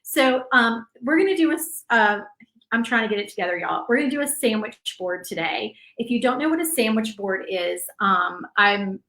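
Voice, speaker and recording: Brief: woman craft host on a live stream, slightly high voice, roomy echo, emotional and chatty. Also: lively intonation, normal speed. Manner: chatty, warm, many fillers, tearful at times. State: emotional, near tears. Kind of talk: live-stream painting chat. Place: home craft room. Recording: echoey room.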